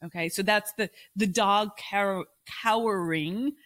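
A woman talks through her ideas on her own podcast in a loose, conversational way, often checking in with the listener with a quick "right?". Her voice sits at an ordinary middle pitch. The sound is close and dry, with no room echo. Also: a bit bright. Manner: conversational, thinking aloud, often adds "right?". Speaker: podcast host. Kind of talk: casual solo podcast monologue.

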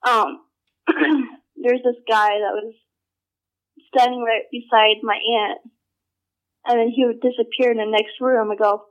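Young woman, somewhat high voice, casual spoken storytelling, halting, lots of fillers and restarts. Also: level tone, lo-fi sound.

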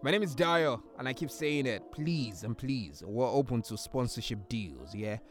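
A man with a Nigerian accent hosting a casual chat, excitable and laughing often, slipping into Yoruba. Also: medium pitch, moderate pace. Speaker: host. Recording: music playing behind.

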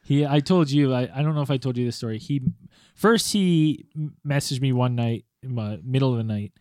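A man's voice: mid-range voice, brisk, a little mellow, no echo, clean studio sound. A man co-hosting a podcast, telling stories animatedly with swearing, laughter and mimicked voices. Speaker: podcast co-host. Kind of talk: casual podcast banter.

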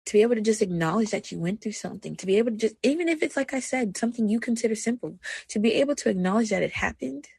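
Candid husky young woman. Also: medium pitch, no room sound. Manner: candid, conversational, swings between soft and animated. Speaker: podcast host. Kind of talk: personal reflective monologue.

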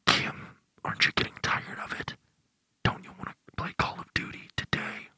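A man's voice: moderate pace, bright, forceful tone. A man voicing a crude, taunting hacker in whispered role-play. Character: male hacker gang member, taunting and crude.

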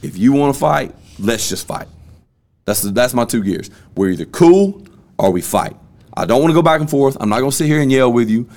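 A man's voice: medium pitch, animated, fast, a little mellow. A man, hosting a casual podcast and telling a story bluntly. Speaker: podcast host.

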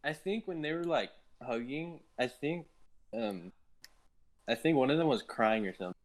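A teenage boy telling a story in casual chat, halting and hesitant. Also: mid-range voice, expressive, a little hiss or hum. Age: teens.

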